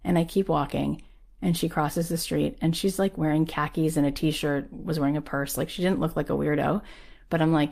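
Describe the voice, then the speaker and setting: Woman with a low voice telling a story, chatty, says "like" a lot, acts out the quotes. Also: fairly even intonation, normal speed, creaky, a little mellow. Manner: chatty, peppered with "like"; acts out the people she quotes. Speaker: guest sharing a personal story. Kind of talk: casual storytelling.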